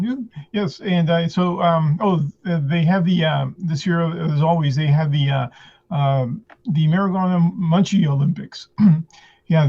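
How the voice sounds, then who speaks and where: A man doing stand-up jokes over a video call, halting with many fillers, clearing his throat and giggling at his own lines. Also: a little high. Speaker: stand-up comedian. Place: at home in front of a green screen. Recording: muffled lo-fi video call audio.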